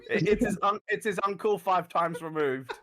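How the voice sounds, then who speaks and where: A man's voice: high-pitched, normal speed, sharp tone. A man chatting casually as a player in a tabletop game, joking and laughing often.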